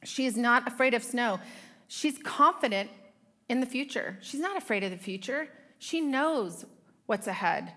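A woman's voice: a little high, lively intonation, unhurried, a bit bright. Chatty middle-aged woman teaching a women's group. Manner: chatty, self-deprecating asides to the audience. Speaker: women's ministry speaker. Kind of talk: conversational Bible teaching talk.

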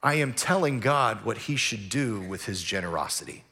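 A pastor preaching a sermon, animated and acting out the voices of grumbling people. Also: male voice, on the low side, normal speed. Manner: animated, acts out voices of complainers.

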